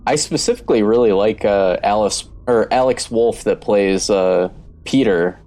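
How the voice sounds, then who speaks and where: A man co-hosting a casual film podcast, relaxed and jokey, hedging his points with fillers. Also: lowish voice, moderate pace. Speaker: podcast co-host.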